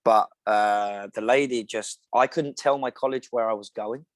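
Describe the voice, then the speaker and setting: A young English actor talks about his career in a relaxed, chatty way, slipping into little voices when he quotes people. His voice sits low. The sound is dry and close. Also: normal speed, no room sound. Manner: animated storyteller, acts out quoted voices. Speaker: actor guest. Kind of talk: casual interview chat.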